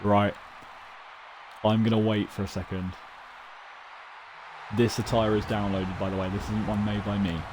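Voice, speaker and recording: A man streaming a wrestling video game, giving chatty, excitable commentary and predictions. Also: lowish voice, moderate pace, long pauses, background noise. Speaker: gaming streamer. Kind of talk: casual live-stream commentary.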